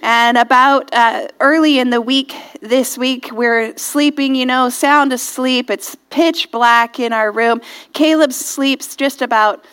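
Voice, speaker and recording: A woman with a high voice delivers a sermon at an unhurried pace. She tells her story gently, asks her listeners reflective questions, and lets her voice fall soft on the tender phrases. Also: steady tone, clear, resonant tone. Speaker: church speaker.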